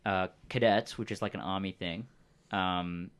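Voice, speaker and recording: A man's voice: deep voice, steady tone, unhurried, fairly bright tone, smooth. A man, game master on a live stream, chatting and narrating in an easygoing, rambling way with many fillers.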